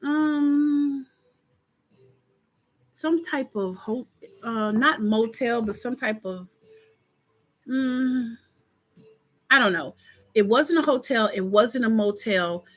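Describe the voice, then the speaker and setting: This live stream host has a fairly high voice and talks slowly, leaving long pauses. Her chat is casual and lively as she addresses viewers directly and performs her reactions.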